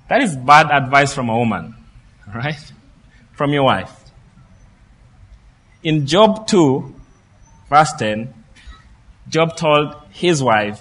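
A man preaching a sermon, telling the story in a lively way and acting out what the people in it say. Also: on the high side, takes it slowly, pauses often, husky, big-room sound. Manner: lively storytelling preacher who acts out the quoted speech.

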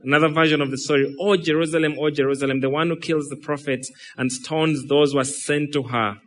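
A man preaching a sermon, animated and dramatic, acting out quoted speech and shifting from loud rhetorical questions to hushed, slowed lines. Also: fairly high pitch. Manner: acts out quotes and imagined dialogue in the middle of preaching.

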